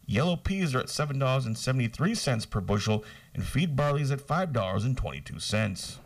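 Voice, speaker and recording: A man reading scripted local radio news in a steady, measured way. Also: medium pitch, distant mic, background noise. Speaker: newsreader.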